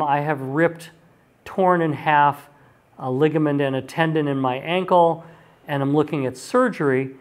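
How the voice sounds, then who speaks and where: A male university lecturer giving a recorded class talk in a chatty way, with frequent ums and restarted sentences. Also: fairly high pitch.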